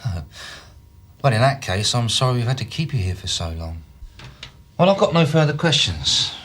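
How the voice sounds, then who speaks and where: A man's voice: medium pitch, sing-song, normal speed, a bit bright. An actor playing a male police detective who questions a suspect with sardonic, probing remarks.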